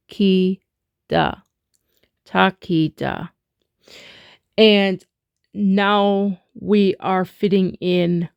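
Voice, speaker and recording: A woman teaching a spoken rhythm lesson, chanting rhythm syllables between halting explanations. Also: mid-range voice, a little mellow, clear, resonant tone, no room sound, highs cut off. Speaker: music teacher.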